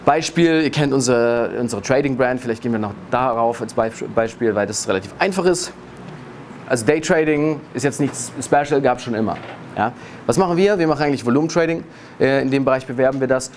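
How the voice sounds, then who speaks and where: A man giving an energetic marketing talk with punchy stresses and occasional restarts mid-phrase. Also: mid-range voice, fast, slight background noise. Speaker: business speaker.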